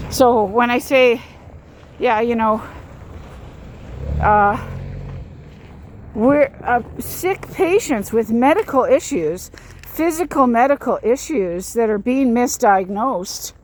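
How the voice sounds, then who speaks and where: A woman's voice: on the high side, lively intonation, takes it slowly, long pauses, a little hiss or hum. A woman vlogger recounting a personal experience in an emphatic, repetitive way, often restarting her sentences. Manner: emphatic, repeats herself, frequent restarts. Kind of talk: casual storytelling to camera.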